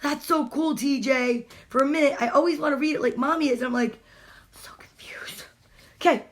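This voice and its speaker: A woman's voice: high-pitched, fast talker. A woman reading children's storybooks live from home, playful and chatty, greeting her viewers by name between pages. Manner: playful, exclaims over the pictures.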